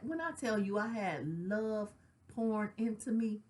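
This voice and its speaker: A woman's voice: mid-range voice, animated, measured pace, a little mellow. A middle-aged woman speaking earnestly about grief in a conversational, personal way, with casual slang and frequent "right?" check-ins. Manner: conversational, tag questions like "right?". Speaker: grief counselor sharing her own loss. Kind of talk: personal spoken reflection.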